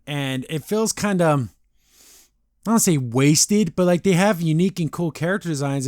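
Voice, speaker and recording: A man's voice: a little high, a little mellow, dry recording, studio quality. A man hosting a podcast, casually recapping an episode in a rambling, filler-heavy way and often acting out characters' lines. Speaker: podcast host reviewing a cartoon episode.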